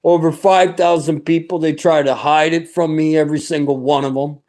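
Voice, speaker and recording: A man's voice: on the high side, steady tone, normal speed, darkish tone. A middle-aged man giving a personal religious testimony, talking in an earnest, rambling and fervent way with many restarts.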